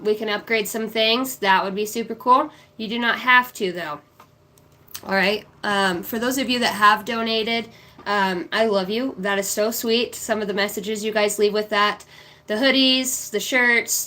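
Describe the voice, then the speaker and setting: With a medium-pitched voice that's bright and forceful, a psychic card reader in her thirties chats casually on her livestream. She warmly reads out viewers' names as she goes through their comments.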